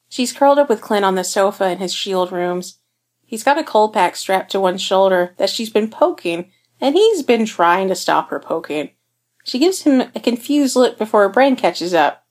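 A woman narrating a fan fiction story aloud in a steady, unhurried way. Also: mid-range voice. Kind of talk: fan fiction audiobook reading.

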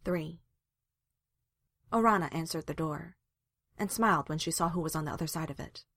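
A woman narrating a story aloud in a calm, even reading voice. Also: low-pitched, moderate pace, dry recording, clean studio sound. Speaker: reader.

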